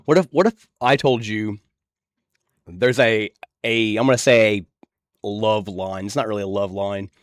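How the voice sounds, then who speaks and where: A man's voice: on the low side, unhurried, clear, resonant tone, dry recording. Podcast co-host guy, chatty storyteller, laughs a lot, dry close sound. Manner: animated storyteller, laughs often. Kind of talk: casual chat.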